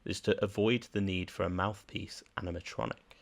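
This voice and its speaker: A man's voice: low voice, fairly even intonation, normal speed, vocal fry. A man with a Birmingham accent co-hosting a podcast, chatting and reading out trivia facts. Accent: Birmingham English. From England. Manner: reads out production facts, chatty, laughs easily. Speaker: podcast co-host.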